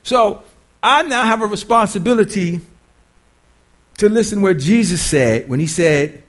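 High, animated male preacher questioning listeners. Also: unhurried, pauses often. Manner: conversational, quizzes the congregation, repeats himself. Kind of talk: sermon.

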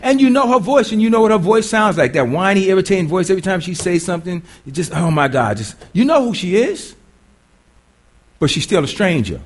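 A male preacher gives a conversational sermon, frequently pausing to quiz the congregation and often restarting and repeating himself as he works through his points. His voice is high for a man, sing-song and brisk, swinging widely in pitch.

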